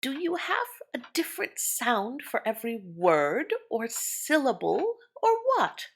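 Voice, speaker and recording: A woman's voice: a little high, big pitch swings, unhurried, breathy edge, pitched above the performer's own voice, full character voice. A woman voicing a nosy, meddling woman who keeps firing incredulous questions in an audio drama. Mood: prying.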